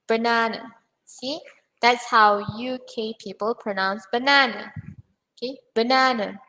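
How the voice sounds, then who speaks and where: Slow, patient woman teaching English. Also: a little high, pushed and bright, poor audio. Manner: patient, repeats words slowly for learners. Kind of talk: online pronunciation lesson.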